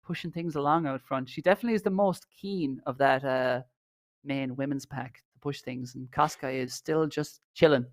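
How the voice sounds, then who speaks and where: A man's voice: mid-range voice, moderate pace, no room sound, studio quality. An Irish man co-hosting a podcast, chatting casually and commentating on a marathon in a rambling, self-deprecating way. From Ireland. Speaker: podcast co-host. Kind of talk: casual chat, race commentary.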